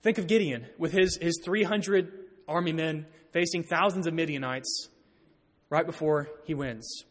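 A man preaching a sermon in a church, animated and growing loud when he quotes. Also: a little high, unhurried. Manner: animated, rising to loud emphasis when quoting. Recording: long hall reverb.

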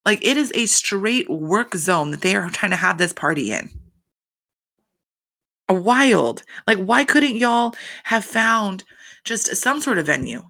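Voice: medium pitch, very animated, slow pace, creaky, pushed and bright. A reality TV recap host talking in a casual, chatty, profane way, full of fillers.

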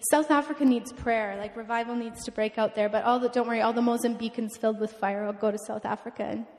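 A woman in her twenties, a missionary, telling a lively testimony to a church crowd and acting out the people in her story. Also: a little high, fast talker. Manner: animated storytelling, acts out the people she quotes. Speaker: missionary speaker. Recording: long reverb in a large hall.

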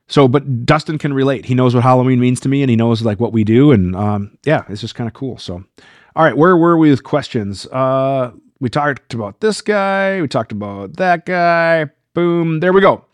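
A man's voice: medium pitch, dry recording, studio quality. A man hosting a live viewer Q&A stream, talking casually and getting worked up as he rambles. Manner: animated, gets worked up and rambles.

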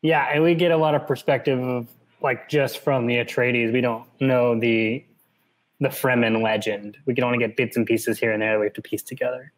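A man co-hosting a casual podcast, reading a novel aloud and explaining it as he goes, relaxed and often laughing. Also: mid-range voice, fairly quick, poor audio.

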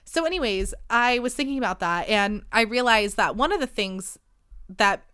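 Late-20s woman podcasting, chatty and self-deprecating, bright crisp voice. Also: lively intonation, moderate pace, no echo, studio quality. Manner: chatty and self-deprecating, with frequent fillers and pitch jumps. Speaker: podcast host. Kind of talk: casual confessional chat.

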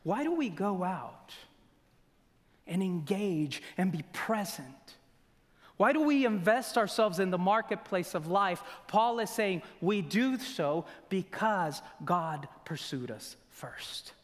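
A man preaching a sermon in a church, asking rhetorical questions and swinging between loud emphasis and near-whispers. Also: high voice, lively intonation. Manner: slow, deliberate delivery with rhetorical questions. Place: church sanctuary. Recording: long church reverb.

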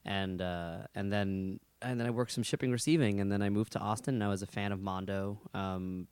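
A man's voice: on the low side, steady tone, a little fast, darkish tone, clean tone, dry recording. A man from New York, a guest in a studio, talking about his job in a hesitant, unpolished way. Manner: hesitant, lots of fillers and restarts. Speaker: guest, soundtrack department worker. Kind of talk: casual interview talk.

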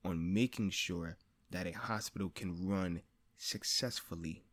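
A man hosting a podcast, talking in a personal monologue, blunt and profane, repeating phrases for emphasis and rising louder and higher as he presses a point. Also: unhurried. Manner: grows louder and higher when stressing a point. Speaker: podcast host.

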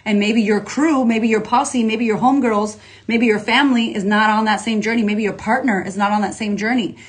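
A woman life coach on a casual livestream, talking to followers in an energetic, slangy, profane way and reading out viewer comments. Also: on the high side, fairly quick.

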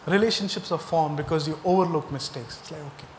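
A man's voice: fairly high pitch, fast, long reverb tail, slight background noise. A male pastor delivering a sermon, asking the congregation rhetorical questions and stressing key points.

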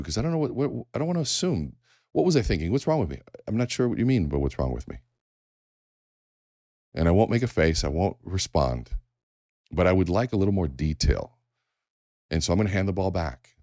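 A man's voice: low-pitched, no echo, studio quality. A middle-aged man giving a motivational talk on leadership, acting out quoted exchanges. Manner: animated, acts out quoted exchanges. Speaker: leadership speaker.

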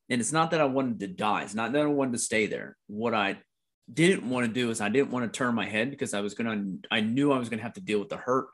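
A man's voice: fairly low pitch, fairly bright tone. A middle-aged American man telling a personal story in a candid conversation, blunt and profane, often repeating himself.

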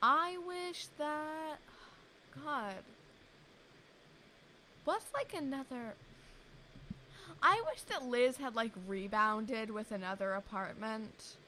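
A young woman chats with a co-host in a bright, somewhat high voice, playful and teasing as her thoughts wander. A faint hiss of noise sits under the recording. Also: animated, slow, pauses often, poor audio. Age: young adult. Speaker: podcast co-host. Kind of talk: casual chat.

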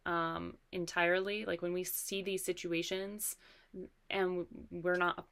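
A woman's voice: lowish voice, little pitch movement, a little slow, clean tone. A woman in her thirties, a parent, reflecting and telling a story in casual chat. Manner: reflective, trails off into soft asides.

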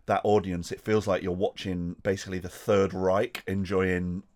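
A man in casual podcast chat, lively and sweary, laughing often and doing mocking impressions. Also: deep voice, normal speed. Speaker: podcast co-host.

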